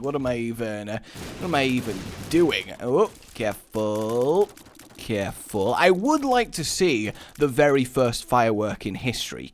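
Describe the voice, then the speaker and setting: A man hosting a gaming channel, giving excitable, gushing gameplay commentary and mimicking explosion sounds. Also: mid-range voice, a little hiss or hum.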